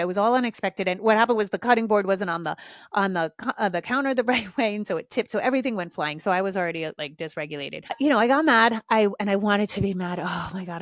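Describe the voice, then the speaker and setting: A woman's voice: medium pitch, no room sound, clean studio sound. A middle-aged woman hosting a parenting podcast, giving frank, casual advice and swearing freely. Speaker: podcast host, parenting coach. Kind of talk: casual chat, candid advice.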